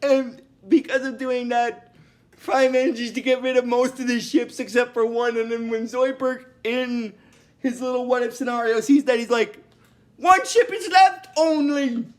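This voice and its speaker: A man's voice: extremely high pitch, little pitch movement, moderate pace, a little mellow. A man recapping a cartoon episode in a casual, rambling way, with many restarts and fillers and bursts of giggling.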